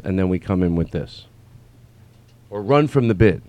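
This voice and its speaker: A man hosting a casual comedy podcast, rambling and riffing, swearing and bursting into excited shouts. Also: mid-range voice, fairly quick, no room sound. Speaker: podcast host.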